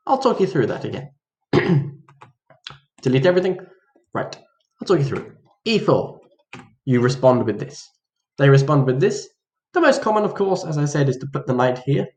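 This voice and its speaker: A man's voice: on the high side, expressive, normal speed, long pauses, a little mellow. A man giving a casual chess lesson, playful and mock-dramatic, acting out both players' reactions. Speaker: chess teacher. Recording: roomy echo.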